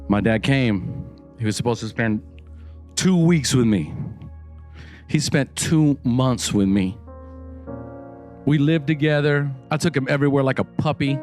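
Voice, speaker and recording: A man's voice: animated, unhurried, long pauses, soft background music. A middle-aged man telling his recovery story to an audience, acting out the voices of the people in it. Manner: dramatic storytelling, acts out dialogue with sharp pitch swings.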